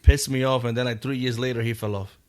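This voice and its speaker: A man's voice: medium pitch, steady tone, fast, a little mellow, a little hiss or hum. A man co-hosting a podcast in loose, chatty casual conversation. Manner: loose, chatty, trails into restarts. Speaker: podcast co-host. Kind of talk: casual chat.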